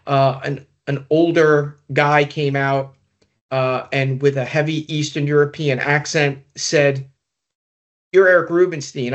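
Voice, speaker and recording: A man with a slightly raised pitch speaks in a casual, meandering way. He is hosting a podcast and recounts investigative cases with frequent fillers and restarts. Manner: rambling, many "you know" fillers. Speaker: podcast host, former investigator. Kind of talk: casual conversational storytelling.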